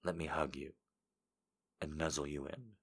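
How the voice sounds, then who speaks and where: A dominant, seductive man who speaks slowly in a soft, low murmur, as a man puts him on. The voice stays hushed and smooth and dips well below the man's usual pitch. He leans into each line and draws the words out. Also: full character voice. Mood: sultry. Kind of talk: reading viewer quotes in a put-on voice.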